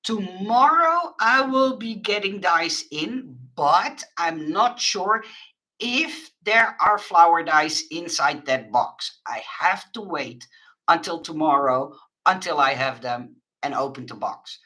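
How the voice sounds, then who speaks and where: A middle-aged woman hosts a casual craft livestream and answers her viewers in a chatty, expressive way. She laughs often. Her voice is bright and crisp, and she speaks slowly and unhurriedly. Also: lowish voice, rough recording. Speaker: craft livestream host reading viewer chat.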